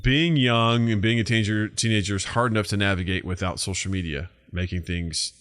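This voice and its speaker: A man's voice: lowish voice, fairly quick, smooth, no room sound. A man in his thirties co-hosting a podcast, telling stories casually and acting out what people say, with plenty of swearing. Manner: animated storytelling, acts out quoted voices, swears freely. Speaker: podcast co-host. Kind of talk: casual chat.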